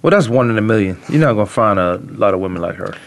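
Fast-talking guy hosting sports talk, jokey, teasing, pitch all over the place. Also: expressive, vocal fry. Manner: joking, teasing, quick-talking. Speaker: sports talk show host. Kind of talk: casual banter.

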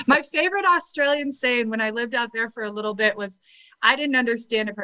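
A woman's voice: on the high side, a little fast, pushed and bright, smooth, dry recording, poor audio. A woman chatting as a guest over a video call, bubbly and laughing often. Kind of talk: casual chat.

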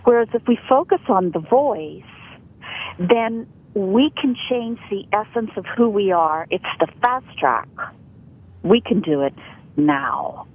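A woman's voice: mid-range voice, lively intonation, slow, slightly rough. A woman who is a guest on a radio show, talking earnestly and coaching the listener about the voice. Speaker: guest, sound healer. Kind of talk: radio interview over the phone. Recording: tinny phone line.

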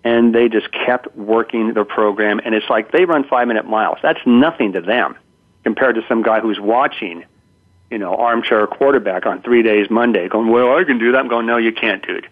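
A man's voice: on the low side, moderate pace. A man in his fifties, a guest telling stories in an interview, acting out quotes with frequent stammered restarts. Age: 50s. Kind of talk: conversational interview. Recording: tinny phone line.

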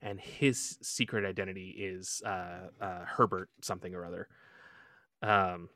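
A man's voice: deep voice, fairly even intonation, measured pace, sharp tone, no echo. A man hosting his own podcast in a casual chat, rambling with lots of filler ums like a comic-book fan. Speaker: podcast host.

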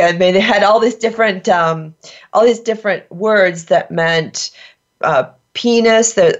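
A woman's voice: lowish voice, lo-fi sound. A woman hosting a podcast in casual chat, playful and emphatic, laughing often. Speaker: host.

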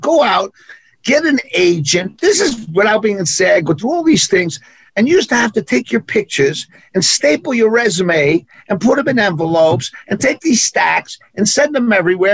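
Recorded dry, the speaker has a high, somewhat bright voice. He is a guest on an interview, an actor who also teaches martial arts, and in his New York accent he tells animated stories with punch, repeating phrases for emphasis.

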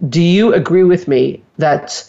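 A therapist hosts a casual chat, her voice sitting fairly low. She talks in an animated way and acts out little quotes. The sound is dull and lo-fi. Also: unhurried, gravelly. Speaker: podcast host and therapist.

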